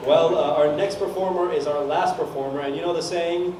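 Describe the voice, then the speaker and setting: A man emcees a comedy night with dry, self-deprecating quips, his voice somewhat high. He sounds distant in an echoey room, with clear background noise. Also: fairly even intonation, brisk. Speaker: comedy show host. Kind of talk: deadpan emcee banter.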